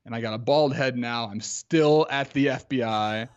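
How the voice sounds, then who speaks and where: A man in his thirties, a podcast guest telling a personal story in a casual, animated way, full of "like" and acted-out quotes. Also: mid-range voice, moderate pace, clean tone, muffled recording.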